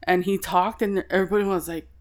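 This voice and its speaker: A woman's voice: mid-range voice, quick pace. A woman co-hosting a podcast in casual chat, swearing freely and laughing often. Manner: swears a lot, lively storytelling, laughs often. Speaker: podcast co-host.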